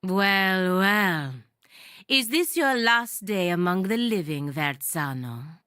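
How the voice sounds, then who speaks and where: An actress voicing a cold, aloof non-human female envoy in a video game, speaking in a cool, measured and dismissive way. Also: medium pitch, animated, fairly bright tone, no echo, clean studio sound.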